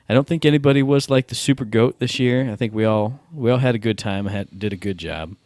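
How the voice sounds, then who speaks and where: A man's voice: medium pitch, fast talker, darkish tone, dry recording, clean studio sound. A man co-hosting a casual gaming podcast over a Skype call, wry and self-deprecating. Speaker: podcast co-host.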